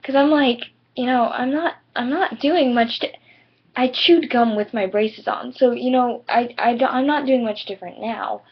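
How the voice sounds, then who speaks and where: Breathy and on the high side, this teen girl's voice moves at a moderate pace as she vlogs a rambling, chatty story to camera. Her speech is packed with "like" and "you know," captured through dull, lo-fi webcam sound.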